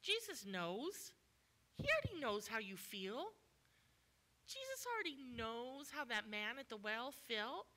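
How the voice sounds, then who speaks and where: Preaching as a guest in a church, this woman speaks a little high and sing-song, in no hurry. She is emphatic, frequently questions the congregation, and performs quoted lines with abrupt, loud commands.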